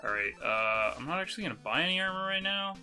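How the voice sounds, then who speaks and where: A man's voice: high voice, very animated, fast talker, sharp tone, faint music behind. A man hosting a let's play, giving casual gameplay commentary in a rambling way with many fillers and casual swearing.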